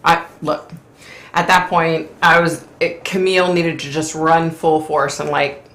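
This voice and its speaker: A woman hosting a casual live-stream chat, chatty and opinionated, clearing her throat often as her voice wears out. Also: low voice, level tone, unhurried, fairly bright tone, reverberant. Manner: chatty, opinionated, frequent fillers. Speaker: host.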